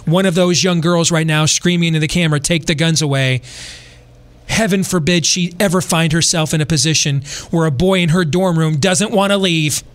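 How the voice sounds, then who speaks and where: A man's voice: sits high, fairly bright tone. A middle-aged man hosting a podcast, delivering a preachy, impassioned political commentary full of rhetorical questions. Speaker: podcast host.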